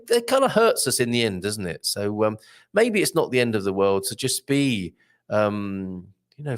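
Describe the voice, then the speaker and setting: A man hosting a casual live stream, reading viewer comments aloud in a chatty, rambling way with lots of fillers. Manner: chatty, rambling, lively pitch, many fillers.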